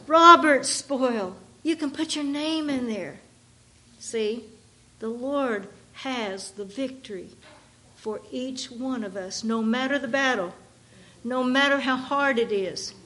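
A woman delivers a sermon in a high voice, taking her time. She leans hard on each phrase, stretching words out as she reads, and often restarts her sentences. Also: a bit bright. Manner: slow, emphatic reading with drawn-out words. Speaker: preacher.

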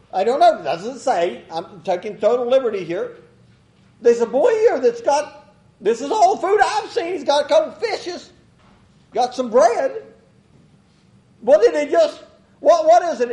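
A man with a very high voice preaches a rambling, folksy sermon. He chuckles and slips into little mock quotes as he talks. The sound rings around an echoey room. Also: animated, a little slow, mellow.

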